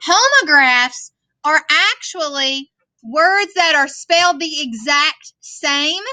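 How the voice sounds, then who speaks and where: A woman's voice: high voice, animated, slow pace, bright, forceful tone, no echo. A woman teaching a vocabulary lesson, patiently explaining words and checking in with "okay?". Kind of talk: classroom worksheet lesson. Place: classroom screen recording.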